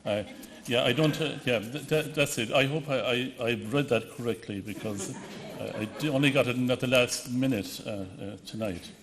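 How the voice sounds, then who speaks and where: A man's voice: medium pitch, moderate pace, a bit bright. A man from the west of Ireland with a Connemara accent gives an anecdotal tribute speech, often restarting and hesitating as he tells his stories. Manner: storytelling with frequent restarts and hesitations. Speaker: award ceremony speaker.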